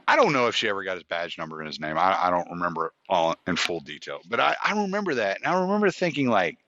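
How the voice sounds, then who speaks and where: A man's voice: sits low, huge pitch swings, quick pace, hardly any pauses, bright, forceful tone. Profane rambling man on a lo-fi podcast. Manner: rambling, profane, with frequent restarts and quoted dialogue. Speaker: podcast host. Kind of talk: casual storytelling monologue. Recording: dull lo-fi dry recording.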